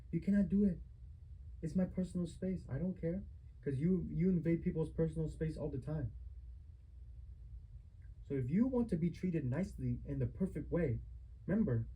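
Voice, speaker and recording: Recorded roughly on a phone, an adult son with a slightly rough, warm, somewhat high voice confronts his mother in a heated family argument. He lectures her with one rhetorical question after another.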